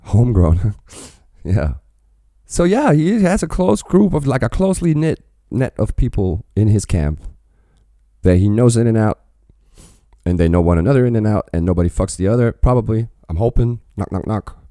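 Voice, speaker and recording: Man, very deep voice, lively swooping pitch, dry close sound, rambling reaction chat, swears a lot. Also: normal speed, no echo. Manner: profane, rambling, animated. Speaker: reaction video host. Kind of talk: casual reaction commentary.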